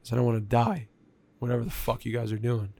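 A man telling a story in casual conversation, animated and profane, with lots of filler words. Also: medium pitch, fast, creaky, no room sound.

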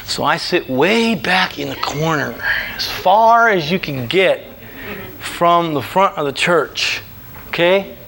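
Guy telling his story in church, bright tense voice, acts out what he said back then. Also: a little high, slow pace, creaky, slight background noise. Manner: acts out his own past lines in lively voices. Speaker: speaker giving a personal testimony. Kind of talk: animated storytelling. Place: church room.

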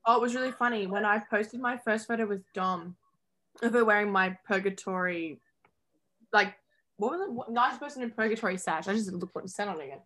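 A woman's voice: mid-range voice, a bit bright. Chatty Australian teen girl. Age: teens. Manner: chatty storyteller, quick to laugh. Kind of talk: casual chat.

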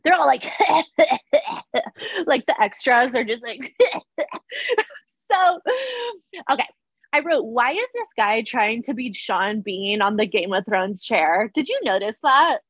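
A woman's voice: on the high side, expressive, measured pace, a bit bright, dry recording. A young woman recapping a TV episode in casual chat, laughing often and saying "like" a lot. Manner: chatty, laughs often, fillers like "like". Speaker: podcast co-host recapping a TV episode.

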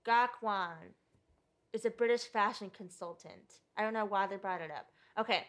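A woman's voice: medium pitch, normal speed, fairly bright tone. A woman chatting casually as a podcast co-host, rambling and playful with lots of filler words. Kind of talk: casual chat recapping a reality show.

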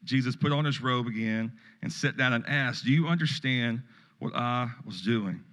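A man's voice: medium pitch, moderate pace, a bit bright. A middle-aged male pastor giving a sermon in a folksy, conversational way, with storytelling asides. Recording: long reverb of a hall.

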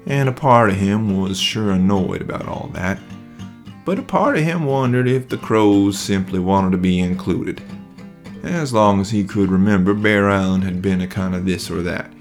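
A man narrates a children's story in a relaxed, folksy manner. His voice is deep and gravelly, and soft guitar plays behind it. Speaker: children's podcast host and storyteller.

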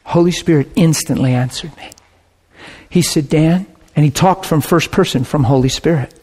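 Animated male preacher telling a story. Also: on the high side, moderate pace. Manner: animated, bursts into shouting and laughter. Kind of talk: sermon storytelling.

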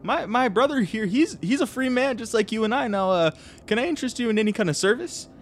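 A man voicing a friendly rogue who makes a salesy, chummy pitch to strangers. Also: lively intonation, fast talker, slight background noise. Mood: hustling. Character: hustling rogue brother, friendly smooth talker.

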